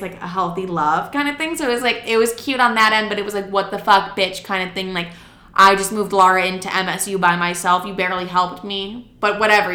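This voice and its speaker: Chatty young woman with a bright voice. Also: mid-range voice, roomy sound. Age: young adult. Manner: chatty, swearing, acts out quotes. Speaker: storyteller. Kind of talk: casual story time.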